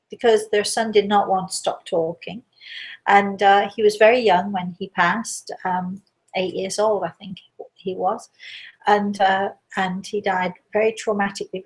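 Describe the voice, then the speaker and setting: A woman talking casually to her live viewers in a chatty, rambling way. Her pitch sits in an ordinary middle range. She sounds a little out of breath. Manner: chatty, rambling, warm storytelling asides. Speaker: host, medium. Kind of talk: casual live-stream chat.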